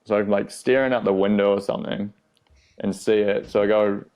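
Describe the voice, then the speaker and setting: Gravelly laid-back Australian man. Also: fairly low pitch, fairly even intonation, a little fast, darkish tone. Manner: laid-back, swears freely, laughs through stories. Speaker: guest skateboarder. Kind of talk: casual storytelling.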